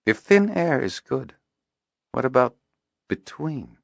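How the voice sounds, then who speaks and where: Guy reading an audiobook doing a brisk teasing man, lifted voice, bit muffled and dry. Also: medium pitch, no room sound, voice pushed up. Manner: lively, raised voice, upbeat questions. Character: brisk teasing curious man, chiding a friend. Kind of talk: audiobook character voice.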